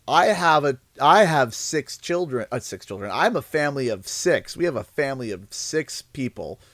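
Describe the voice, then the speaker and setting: At a normal speed and in a mid-range voice, a streamer from Canada spins rambling, lively tales on a casual livestream, laughing along at his own humor. The recording is dry.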